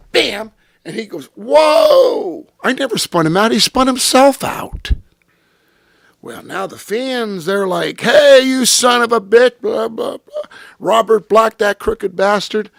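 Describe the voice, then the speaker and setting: Gravelly, high-pitched storytelling man. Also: measured pace, dry recording, clean studio sound. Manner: profane, animated storyteller who acts out quotes. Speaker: interview guest. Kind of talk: storytelling in a casual interview.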